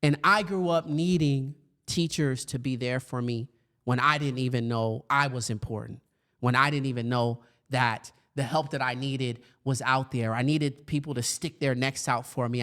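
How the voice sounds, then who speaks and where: A man hosting a podcast, giving a conversational motivational talk to educators with lots of fillers and lively asides. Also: mid-range voice, normal speed. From grew up in foster care. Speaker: podcast host and speaker for educators.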